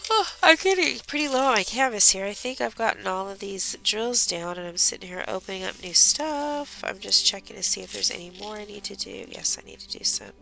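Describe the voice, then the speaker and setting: A woman's voice: mid-range voice, creaky, bright, forceful tone. A middle-aged woman chatting casually while she crafts, telling a rambling story about her daughter as host of a craft livestream.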